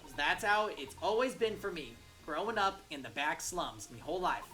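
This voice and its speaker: A woman voicing a defiant, distrustful street-urchin girl pickpocket in a game, with a gruff mock Texas drawl and clipped slang. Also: low voice, lively intonation, moderate pace, bright, forceful tone, soft background music, poor audio.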